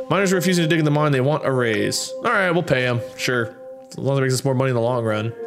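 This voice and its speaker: A young man casually commenting on a game, reading its text aloud and reacting with wry asides. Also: mid-range voice. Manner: chatty, wry, bouncing between reading and quick reactions. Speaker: gameplay commentator. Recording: game music playing behind the voice.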